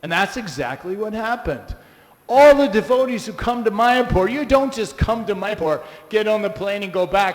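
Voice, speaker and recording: A man giving a scripture class, telling stories with animated, exclamatory asides to a live audience. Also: high-pitched, normal speed, in a large hall, poor audio. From United States. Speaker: class speaker. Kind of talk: lively scripture class talk. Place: temple hall with a live audience.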